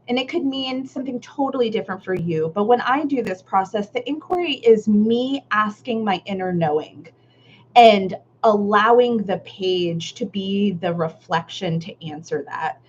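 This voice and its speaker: Reading chat comments during a live online art workshop she facilitates, this woman talks at a normal speed in a medium-pitched, lively voice. Her manner is warm, affirming, and casual, with Southern "y'all," frequent laughter, and occasional candid swearing. Audio is a slightly dull live stream carrying faint noise.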